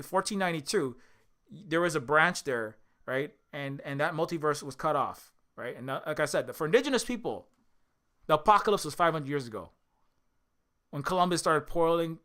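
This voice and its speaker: Impassioned man with a bright, forceful voice. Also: on the high side. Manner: impassioned, profane, many restarts. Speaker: indie game developer and streamer. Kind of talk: casual monologue.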